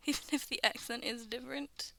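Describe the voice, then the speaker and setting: Bright, gravelly young woman reading aloud. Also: high-pitched, fairly even intonation, moderate pace, a little hiss or hum. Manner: chatty, stumbles over text and laughs at herself. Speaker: video creator reading stories. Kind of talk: casual read-aloud with asides.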